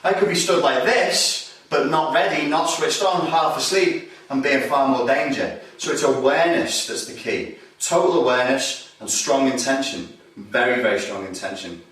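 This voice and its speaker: Blunt instructor in an echoey room. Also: male voice, mid-range voice, moderate pace, fairly bright tone, distant mic. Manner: blunt and profane, acts out bar and door scenes. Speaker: self-defence instructor. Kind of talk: instructional talk with acted examples.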